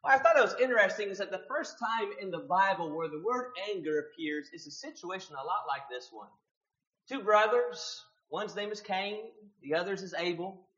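Emphatic high-voiced male preacher. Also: echoey room, dull audio. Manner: swings from hushed to loud, emphatic. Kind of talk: sermon.

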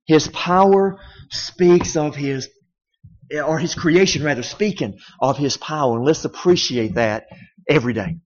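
A male pastor preaches with conversational emphasis, drawing his listeners in with rhetorical questions. His voice is a touch high for a man. A long reverb from the sanctuary trails behind every phrase, and the sound is slightly dull. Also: a little slow. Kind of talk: sermon.

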